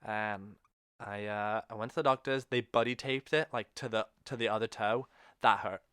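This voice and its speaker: Smooth-voiced podcast host, rambling. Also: male voice, fairly low pitch, fairly even intonation, moderate pace, fairly bright tone, no echo, clean studio sound. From England. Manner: rambling storyteller, self-correcting as he goes. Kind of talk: casual chat.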